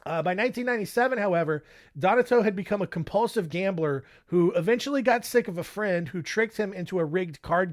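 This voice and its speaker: A young man hosting a casual true-crime podcast, narrating with joking, irreverent asides. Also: high voice. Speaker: podcast host.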